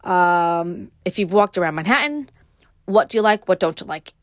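A woman's voice: lowish voice, lively intonation, no room sound, clean studio sound. Rambling woman with a Brooklyn accent. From New York. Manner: rambling, pauses and restarts often. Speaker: podcast host. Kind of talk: casual solo podcast monologue.

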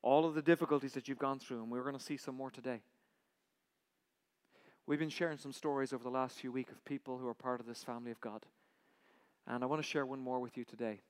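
A man preaching a sermon, telling a story dramatically, acting out voices and swinging from loud outbursts to hushed lines. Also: medium pitch, fairly even intonation, fast, clean tone. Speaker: pastor. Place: church sanctuary. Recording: church hall reverb.

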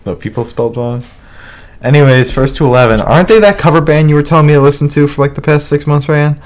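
A man's voice: fairly high pitch, fast talker. A young man hosting a live-streamed podcast, chatting casually with a joking, self-mocking manner and frequent swearing. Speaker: podcast host.

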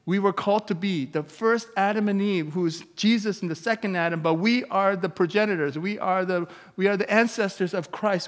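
A man preaching a sermon as pastor, energetic and emphatic, with casual asides to the congregation. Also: high-pitched, moderate pace, hardly any pauses. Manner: energetic preaching, rising to loud emphatic peaks; conversational asides with chuckles to the congregation. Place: church sanctuary. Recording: long reverb of a church hall.

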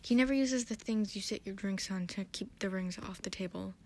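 A woman's voice: mid-range voice, brisk, darkish tone, slight background noise. A tired woman hosting a podcast, recapping an episode in a rambling, hesitant, self-deprecating way. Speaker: podcast host.

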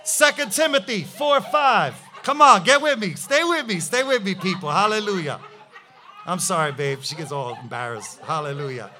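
High, bright-voiced male preacher. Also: animated, normal speed, some chatter behind. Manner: fervent preaching with rhetorical questions and hallelujahs. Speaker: pastor. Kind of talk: sermon.

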